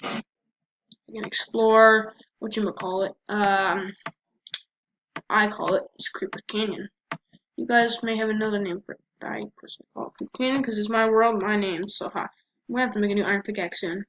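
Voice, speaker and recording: In a mid-range, slightly bright voice with fairly even intonation and moderate pace, a woman chats to herself while playing a game. The casual let's-play commentary is captured by a dull lo-fi mic with faint background noise.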